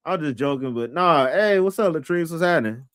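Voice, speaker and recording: A man's voice: on the high side, fairly bright tone, clear, resonant tone. A man in his thirties hosting a live reaction stream, joking in slang and chatting with viewers. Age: 30s. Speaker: livestream host. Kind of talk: casual live reaction commentary.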